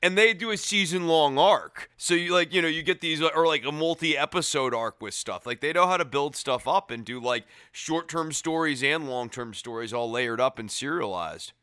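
A man co-hosting a podcast who walks through his reasoning at length. His voice is bright and forceful, and smooth and clear. It sounds dry and close. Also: on the high side, moderate pace, few pauses, no echo. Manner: analytical, explains at length. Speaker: podcast co-host. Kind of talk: casual chat.

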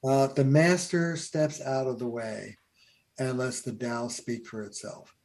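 A man's voice: mid-range voice, a little slow, a little hiss or hum. A man, a family therapist, telling stories in a podcast conversation, with lots of "uh" fillers. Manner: animated storyteller, many fillers.

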